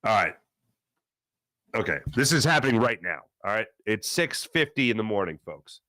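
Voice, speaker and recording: A man hosting a sports talk show, ranting with strong opinions and swinging between low grumbles and loud outbursts. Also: very animated, moderate pace, no room sound, studio quality. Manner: mocking put-on fan voice at times. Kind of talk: opinionated sports radio rant.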